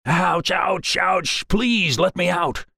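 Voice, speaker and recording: A man's voice: low voice, lively intonation, measured pace, creaky, dry recording, studio quality, full character voice. A man voicing a hungry, menacing big bad wolf in a storybook reading, with a growling, threatening manner. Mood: pained.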